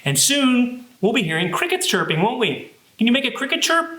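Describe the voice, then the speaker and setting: Man, children's librarian, high voice, cheerful sing-song, roomy echo. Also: sing-song, a little fast, very noisy. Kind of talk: children's music and movement program.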